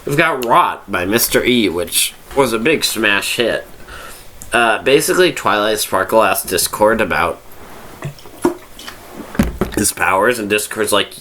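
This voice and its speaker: A man's voice: fairly low pitch, expressive, a little slow, pauses often, pushed and bright, a little hiss or hum. A drunk man hosting a casual, rambling review monologue, swearing freely and losing his train of thought. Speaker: fanfiction review host.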